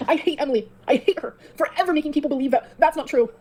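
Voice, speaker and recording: A woman's voice: sits high, quick pace, darkish tone, slight background noise. A woman streamer venting in a bitter, profane rant. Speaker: streamer in a played clip. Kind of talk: angry livestream rant.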